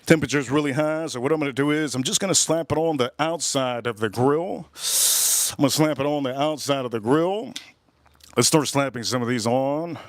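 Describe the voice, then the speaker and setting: A man hosting a casual livestream while grilling, rambling and repeating himself, with sudden loud bursts of emphasis. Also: medium pitch, moderate pace, dry recording, studio quality. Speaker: livestream host.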